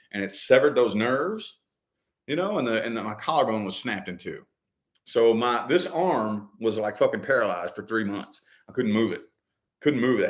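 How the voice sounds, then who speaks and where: A man's voice: mid-range voice, fairly bright tone. A man chatting casually as a vlog co-host, telling a personal story in a loose, profane way and repeating his phrases as he goes.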